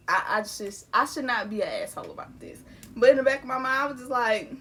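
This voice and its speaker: A woman's voice: on the high side, fast talker, fairly bright tone. A young woman, telling a personal storytime to her viewers in a casual, candid way, laughing now and then. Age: young adult. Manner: casual and candid, laughing through grief, addressing viewers as y'all. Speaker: vlogger. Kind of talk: storytime vlog.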